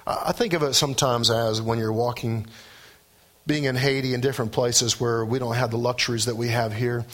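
A man preaching a sermon, animated, with his voice rising and dropping for emphasis. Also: medium pitch, fairly quick. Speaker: pastor.

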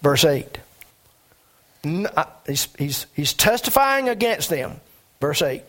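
A man preaching a sermon as a pastor, emphatic, with sudden rises in pitch. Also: sing-song, slow pace, long pauses, fairly bright tone.

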